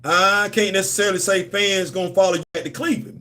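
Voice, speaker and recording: Male host, higher than usual, AAVE, casual livestream rambling, playful banter. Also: steady tone, quick pace, few pauses, sharp tone. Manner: loose, repetitive, playful banter with slang. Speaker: host of a comics and culture channel.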